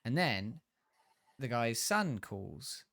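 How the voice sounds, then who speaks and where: A man's voice: medium pitch, sing-song, drawn-out words, creaky, a bit bright, no echo. Man recapping a film plot, swearing freely. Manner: rambling, swearing storyteller who restarts often. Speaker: podcast co-host reviewing films.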